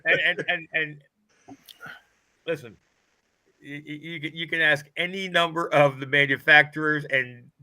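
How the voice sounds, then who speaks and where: A man co-hosts a live talk show, pressing his points with repeated starts. His voice is very bright and a touch high, recorded close and dry. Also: fairly even intonation, measured pace, pauses often, dry recording. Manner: emphatic, repeats words as he builds a point. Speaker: co-host.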